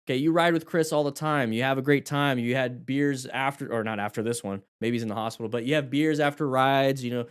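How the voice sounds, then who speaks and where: A man at a middle pitch teaches motorcycle rescue while commenting on crash footage. He talks in an animated way, often asking questions. His delivery is quick and direct, as in a live class. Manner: animated, acts out rider dialogue and questions. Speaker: motorcycle safety instructor.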